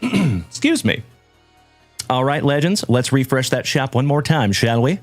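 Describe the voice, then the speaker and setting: A man hosting a live trading-card stream, chatting warmly with viewers and giving shout-outs. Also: mid-range voice, normal speed, no echo, soft background music. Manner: hearty, shout-outs full of "my brother" and "my man". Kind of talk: upbeat livestream chat with viewers.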